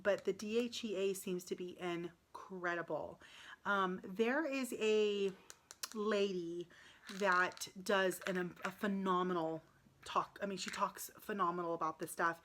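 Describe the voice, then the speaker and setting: A woman's voice: lowish voice, fairly even intonation, unhurried, a bit bright, slight background noise. Upset woman vlogging, full of ums. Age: 30s. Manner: emotional, frequent ums and restarts, upset and near tears. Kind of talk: casual personal vlog.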